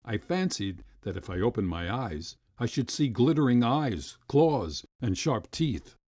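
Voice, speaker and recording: A man reading a classic short story aloud as an audiobook narrator, with expressive storytelling. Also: a little slow, dry recording, studio quality. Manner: expressive storytelling, rising high for quoted voices.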